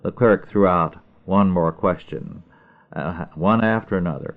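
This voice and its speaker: A man reading a humorous family story aloud with a steady, dry delivery, heard over a narrow phone-like line. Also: deep voice, unhurried.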